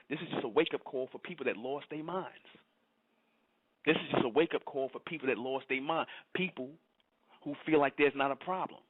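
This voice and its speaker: A man lectures in a scolding tone, stacking up rhetorical questions and repeating lines over and over. His voice sits fairly high for a man. It comes through thin and tinny, like audio over a phone line. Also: no echo. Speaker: channel host. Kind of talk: scolding livestream monologue answering chat.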